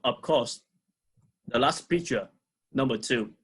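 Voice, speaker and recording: A man with a Vietnamese accent teaching an English lesson to young pupils, saying words slowly and repeating them for the class. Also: mid-range voice, sing-song, fairly bright tone, slightly rough. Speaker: primary school English teacher. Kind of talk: recorded online lesson.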